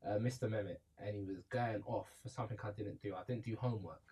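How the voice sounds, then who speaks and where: A man co-hosting a podcast, telling school stories in casual, animated chat and laughing through them. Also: fairly low pitch, fast talker, slightly rough, rough recording. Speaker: podcast co-host.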